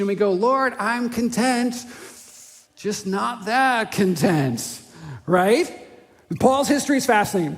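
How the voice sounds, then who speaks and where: Man, pastor, sermon, high voice, conversational, animated, long church reverb. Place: church auditorium.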